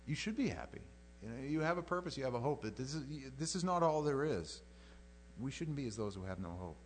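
A man's voice: mid-range voice, animated, a little fast, slight background noise. A man teaching verse by verse in an informal sermon, who acts out the scripture and chuckles as he goes. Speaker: Bible teacher.

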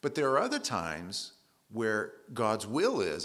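A man's voice: fairly low pitch, huge pitch swings, slow pace, fairly bright tone. A man preaching a conversational sermon, retelling scripture in everyday words with casual asides.

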